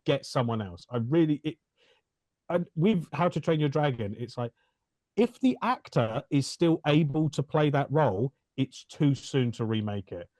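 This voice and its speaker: A man's voice: mid-range voice, animated, moderate pace, darkish tone, dry recording. A man co-hosting a podcast, joking and swearing through playful rants in casual conversation. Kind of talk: casual chat.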